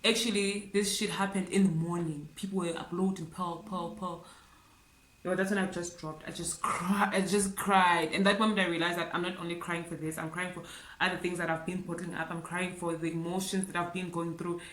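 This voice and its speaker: A woman's voice: fairly low pitch, little pitch movement, a bit bright. Emotional South African woman in an echoey room. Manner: tearful, halting, repeats herself, fillers like "like" and "guys". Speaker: vlogger. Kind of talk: emotional storytelling to camera.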